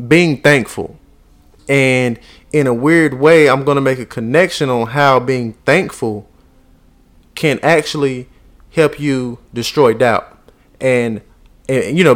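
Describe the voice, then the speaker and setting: A man hosting his own motivational podcast, talking in an earnest, rambling way with many restarts and repeats. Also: mid-range voice. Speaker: podcast host. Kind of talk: motivational monologue.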